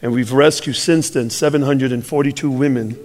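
A man's voice: mid-range voice, fairly even intonation, normal speed, in a large hall, very noisy. A male pastor telling a personal story in a sermon, acting out the dialogue and building to fervent preaching.

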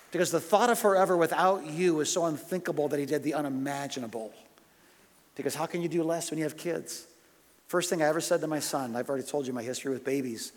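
A man preaching with passion, his slightly high voice carrying a long reverb as if in a big hall. He moves between loud rhetorical questions and quiet confessional stories. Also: fairly quick. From United States. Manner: impassioned, swinging from loud urgent questions to hushed storytelling. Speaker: pastor. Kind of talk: sermon.

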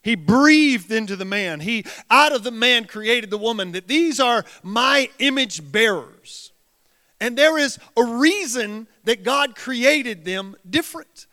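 Male pastor, very high and bright voice, preaches in a long-echo hall, drives points home with rhetorical questions. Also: lively intonation, takes it slowly. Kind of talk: sermon. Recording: long reverb of a large hall.

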